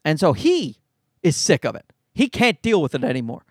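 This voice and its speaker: A man's voice: on the high side, huge pitch swings, normal speed, no room sound, studio quality. A middle-aged comedian talking casually to his audience, ranting with exasperation and plenty of swearing. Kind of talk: casual monologue.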